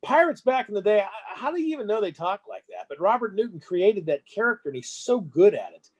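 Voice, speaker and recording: A man's voice: sits high, sing-song, fast talker, dull audio. A man who hosts movies, chatting casually and rambling in an interview. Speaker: movie host.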